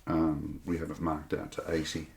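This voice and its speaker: Deep-voiced calm man, echoey room. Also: vocal fry, a little hiss or hum. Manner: calm, measured, brief. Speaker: archery range owner, guest. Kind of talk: casual chat. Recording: roomy echo.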